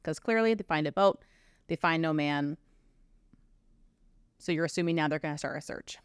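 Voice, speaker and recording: A Canadian woman co-hosting a true crime podcast, talking fast with her words run together. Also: low-pitched, clear, resonant tone, no echo, studio quality. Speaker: podcast co-host.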